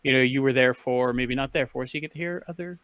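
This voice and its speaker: A man of middle pitch co-hosts a casual podcast. He muses aloud at an easy pace, working through his thoughts as he talks. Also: fast talker, fairly bright tone, no echo.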